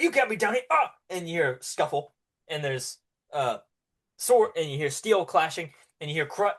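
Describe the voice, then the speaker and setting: Easygoing man running a tabletop game. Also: fairly high pitch. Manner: casual, laughs often, filler-heavy. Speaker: game master.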